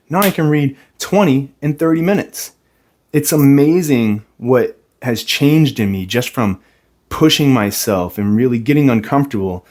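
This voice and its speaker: A young man talks straight to his viewers in an earnest, plain-spoken way. His voice sits at an ordinary middle pitch, and he sounds reflective and sincere as he shares his own experience as a stay-at-home dad. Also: darkish tone. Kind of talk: personal talk to camera.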